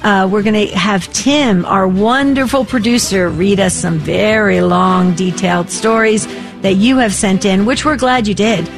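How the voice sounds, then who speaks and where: A woman's voice: medium pitch, a little slow, gravelly. A talkative woman hosts a radio talk show in a medium voice. She rambles effusively, circling back and restarting her sentences. Faint music plays under her. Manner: chatty, effusive, many fillers and restarts.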